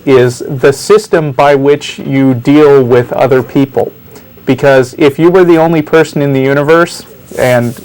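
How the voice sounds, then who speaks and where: A man co-hosting a call-in talk show, explaining his ideas in a thoughtful, halting manner. He pauses often and restarts his sentences. His voice sits at an ordinary middle pitch. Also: a little mellow, poor audio. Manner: thoughtful, hesitant, many fillers and restarts. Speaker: co-host.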